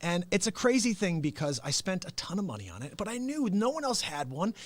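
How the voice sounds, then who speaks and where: Male live-streaming host, high and very expressive, animated storyteller who does impressions, dry close recording. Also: brisk, no room sound. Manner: laughs often and talks straight to viewers. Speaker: host and real estate agent. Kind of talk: unscripted live-stream talk.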